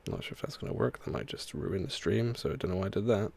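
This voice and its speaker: A man's voice: low-pitched, lively intonation, fast, creaky, darkish tone, a little hiss or hum. A man chatting casually as he streams a racing game, laughing often and reading chat aloud. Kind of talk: casual gameplay commentary. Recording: game music behind the voice.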